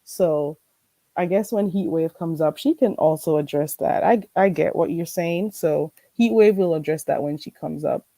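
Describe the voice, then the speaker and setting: Hosting a casual livestream chat, a woman with a Caribbean accent talks emphatically and animatedly, frequently laughing mid-sentence. Her voice sits low, her pace is moderate, and there's no echo.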